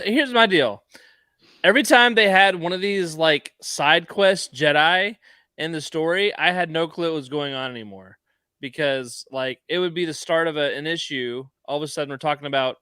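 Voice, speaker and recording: A relaxed man chats on a podcast panel, his voice smooth and bright and pitched a little higher than most men's. The sound is dry and close. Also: moderate pace, dry recording. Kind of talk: casual roundtable chat.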